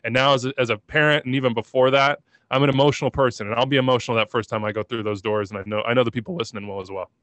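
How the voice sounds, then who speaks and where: A man co-hosting a podcast, talking about soccer in a passionate, excitable and emotional way, rambling as he goes. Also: medium pitch, racing, dry recording. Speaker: podcast co-host.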